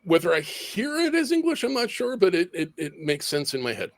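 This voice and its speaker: A man playing a tabletop role-playing game speaks in character, hesitant and full of ums and restarts. His voice is high-pitched and sing-song, moving fairly quickly.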